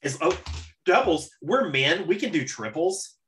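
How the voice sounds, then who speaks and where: A man hosting a casual podcast chat, telling stories in an animated way and swearing freely. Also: on the high side, measured pace. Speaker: podcast host.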